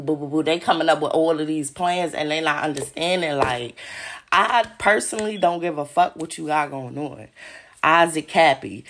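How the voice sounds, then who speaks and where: Gravelly-voiced woman ranting, profane and agitated. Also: low voice, a bit bright. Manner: agitated, profane, repeats herself. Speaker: podcast host. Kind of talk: casual monologue to listeners. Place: home.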